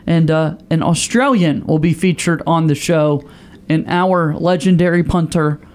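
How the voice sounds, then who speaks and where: Upbeat high-voiced man hosting sports radio. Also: darkish tone. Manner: upbeat, laughs easily, quick reads. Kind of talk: casual sports radio talk.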